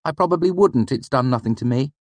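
A man's voice: medium pitch, lively intonation, brisk, dry recording, voice pushed up, lightly acted. A man voicing a clever, cheeky young male student in an audiobook. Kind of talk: audiobook character voice.

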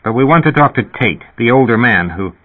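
A man voicing a brisk, suspicious male immigration official who asks curt, probing questions, over a phone-like narrow sound. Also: mid-range voice, lively intonation, husky.

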